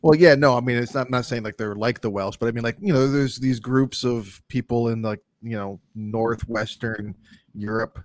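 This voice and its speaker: A man's voice: medium pitch, normal speed, no room sound, clean studio sound. A man co-hosting a podcast in casual chat, hesitant and rambling, often self-deprecating. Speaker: podcast co-host.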